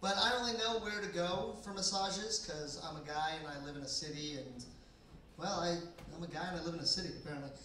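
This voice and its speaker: Deadpan young man, echoey bar basement. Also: on the high side, quick pace, a little hiss or hum. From Canada. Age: 20s. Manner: deadpan, dry sarcastic delivery. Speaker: stand-up comedian. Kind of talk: stand-up comedy set. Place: bar basement comedy night. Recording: echoey room, mic from far off.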